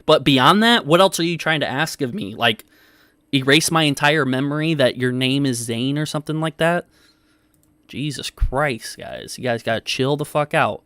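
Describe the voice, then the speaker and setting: A man's voice: medium pitch, moderate pace, a bit bright, no room sound. A man hosting a livestream, arguing with his chat in casual, profane, defensive talk and reading comments aloud. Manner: defensive, swears often, reads chat aloud. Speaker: livestream host.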